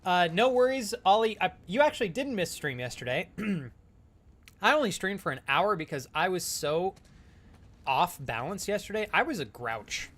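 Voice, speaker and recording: A man's voice: sits high, big pitch swings, moderate pace, a bit bright. A young man streaming a game, chatting casually with viewers and making crude jokes. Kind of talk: casual live-stream commentary.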